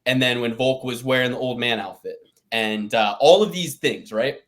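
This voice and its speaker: A man's voice: medium pitch, moderate pace, fairly bright tone. A man co-hosting a podcast, rambling in a casual chat and swearing often as he rants. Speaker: podcast co-host.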